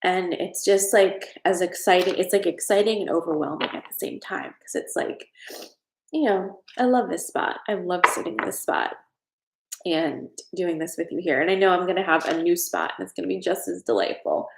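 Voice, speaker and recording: A woman's voice: lowish voice, expressive, normal speed, gravelly, echoey room, a little hiss or hum, rough recording. A woman hosting a casual live-stream card reading from her home, chatty and heartfelt as she reads viewer comments. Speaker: host. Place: at home, in a room of her house.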